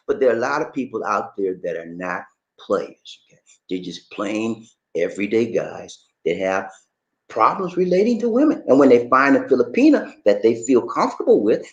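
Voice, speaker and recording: A man giving casual relationship advice on a vlog, emphatic and preachy, calling the listener "man" and "baby". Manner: animated, swoops up high for emphasis. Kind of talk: casual motivational advice talk. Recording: echoey room.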